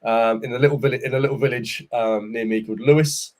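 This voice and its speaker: A man's voice: mid-range voice, steady tone, fast. A man in his forties, a company boss talking candidly as a podcast guest, telling stories in a chatty way with casual slang. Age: 40s. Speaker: startup CEO, podcast guest. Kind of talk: casual interview chat.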